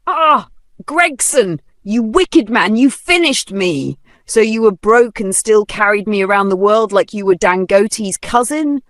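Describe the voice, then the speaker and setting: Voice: mid-range voice, animated, unhurried, fairly bright tone, no echo, studio quality, voice pushed up. A narrator voicing a furious, ruined widow who shrieks and curses in a storybook tale. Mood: raging. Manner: shrieking, cursing, melodramatic.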